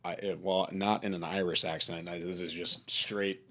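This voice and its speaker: A man's voice: deep voice, little pitch movement, moderate pace, bright, forceful tone. A young man with a Minnesotan accent, co-hosting a podcast in earnest, rambling casual chat. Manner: earnest, rambling, many fillers. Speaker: podcast co-host.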